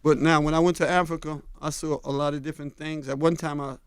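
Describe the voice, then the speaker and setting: An older man tells stories at an unhurried pace, often sinking into a low, confiding tone. His voice sits a little high for a man. It is recorded close and dry in a radio studio. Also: flat delivery, clean tone, no echo. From Harlem, New York. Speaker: guest, fashion designer. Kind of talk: storytelling in a radio interview. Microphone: studio mic.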